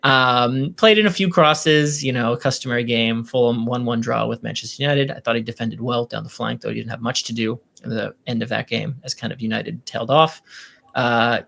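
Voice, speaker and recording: A man with a gravelly, fry-edged voice at an ordinary middle pitch hosts a casual sports podcast. He talks through player news with plenty of ums and firm opinions. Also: fairly even intonation, normal speed, fairly bright tone. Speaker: podcast host. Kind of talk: casual soccer podcast talk.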